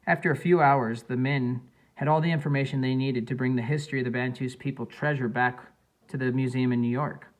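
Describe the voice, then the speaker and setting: Male audiobook narrator, mid pitch, plain unpolished read. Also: fairly even intonation, fairly quick, poor audio.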